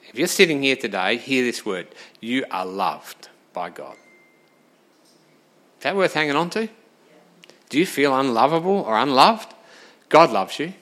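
A man preaching a sermon, lively and direct, asking the congregation questions and moving between loud emphasis and quiet asides. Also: mid-range voice, a little slow, long pauses. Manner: animated, talks straight to the congregation with questions.

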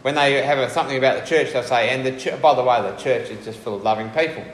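A man gives a relaxed, conversational sermon in an ordinary mid-range voice. He asks the congregation questions as he goes. The sound carries the echo of a large room, with faint background ambience. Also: mid-range voice, quick pace, a little hiss or hum. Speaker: preacher.

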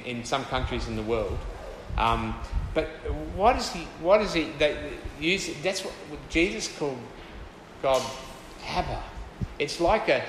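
A man's voice: mid-range voice, fairly bright tone, slight background noise. An older man preaching a sermon in a loose, conversational way, with asides to the congregation. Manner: conversational, with asides and repeated phrases. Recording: echoey hall with long reverb.

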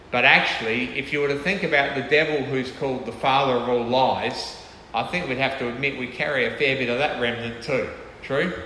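Bright-voiced male preacher in an echoey hall. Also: medium pitch, a little hiss or hum. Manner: conversational, checks in with the audience often. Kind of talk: sermon. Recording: echoey hall with faint ambience.

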